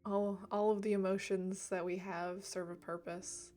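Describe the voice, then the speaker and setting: A woman speaking gently and reflectively on a livestream about emotions, laughing lightly now and then. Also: mid-range voice, flat delivery, moderate pace, faint music behind. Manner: soft, reflective, laughs lightly, drops to near whisper at times. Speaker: reiki streamer. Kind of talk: gentle spiritual talk on a livestream.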